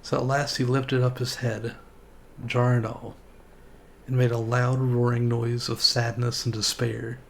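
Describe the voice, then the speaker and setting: A man streamer reading a children's storybook aloud in a relaxed, folksy way. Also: medium pitch, unhurried, creaky, a little hiss or hum.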